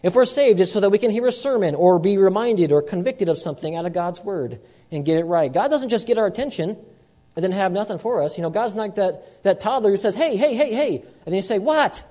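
A man preaching a sermon as pastor, stressing points by repeating them and swinging between loud and soft. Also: high voice, lively intonation, quick pace. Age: young adult or middle-aged, a parent.

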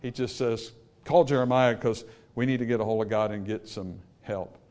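A male pastor preaching a sermon, swinging from quiet explanation to loud emphatic calls to the congregation. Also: mid-range voice, normal speed.

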